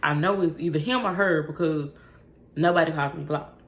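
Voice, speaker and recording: A woman telling a story straight to camera in a blunt, profane, animated way. Her voice sits low and has a gravelly fry. The room is echoey and has a faint hiss of noise. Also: normal speed. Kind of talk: casual storytime.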